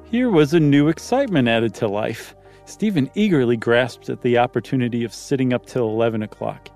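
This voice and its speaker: A man's voice: medium pitch, animated, fairly quick, a little mellow, faint music behind. Man reading a story, chatty asides. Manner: reads plainly, breaks off to joke and comment. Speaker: story reader. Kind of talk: casual storytelling with banter.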